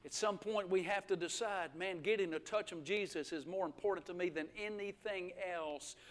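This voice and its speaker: A middle-aged man preaching a live revival sermon in a church, swinging from hushed asides to shouting, with folksy humor. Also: high-pitched, normal speed. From Alabama. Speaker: guest pastor. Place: church sanctuary.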